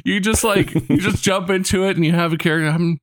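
A man co-hosting a casual comedy podcast, dry and trailing off into low mumbles. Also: steady tone, brisk, no echo.

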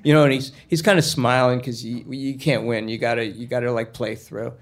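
A man's voice: mid-range voice, fairly even intonation, brisk. A man telling a long story in a casual, rambling monologue, with crude asides.

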